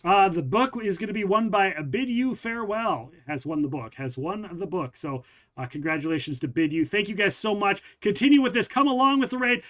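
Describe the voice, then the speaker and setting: A man's voice: high-pitched, expressive, a little fast, fairly bright tone. A man hosting a livestream and podcast, upbeat and promotional, speaking straight to viewers. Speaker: podcast and stream host. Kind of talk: casual livestream chat.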